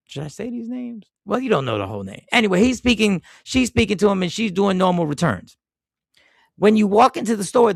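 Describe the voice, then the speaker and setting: This high-pitched, creaky-voiced man hosts a podcast, and the clean studio recording has no echo. He's an animated, profane storyteller recounting a work story casually and voicing the people he quotes.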